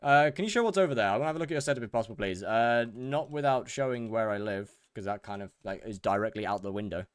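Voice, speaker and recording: A man's voice: lowish voice, lively intonation, quick pace, hardly any pauses, clean tone, no echo, studio quality. A man streaming a game live, reading out chat questions and answering them in a casual, repetitive way while overheated and sweaty. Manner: reads chat questions aloud and answers, repeats phrases. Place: hot room in a house.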